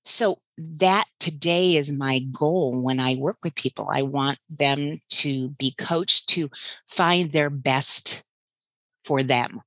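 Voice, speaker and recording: Woman coach, low bright voice, slow and rambly, dry sound. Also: no echo, low-quality recording. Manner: rambling, halting with fillers. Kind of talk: casual interview chat.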